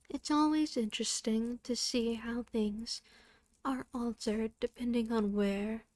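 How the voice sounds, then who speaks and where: Slow, high-voiced woman reading aloud. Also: a little mellow, no room sound. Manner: careful and unhurried, with chatty asides between passages; slips into a light Irish lilt when reading dialect passages. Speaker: reader. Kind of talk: reading folk tales aloud.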